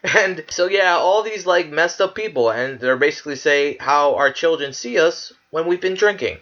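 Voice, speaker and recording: A male video creator ranking clips speaks at normal speed with a fairly high pitch and sharp tone, the audio dull. His commentary is casual and profane, full of disbelieving rants and laughter.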